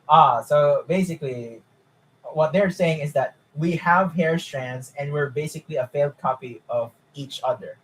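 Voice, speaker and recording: A young man chatting casually on a live stream, excitable and incredulous, swearing freely. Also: a little high, normal speed, rough recording.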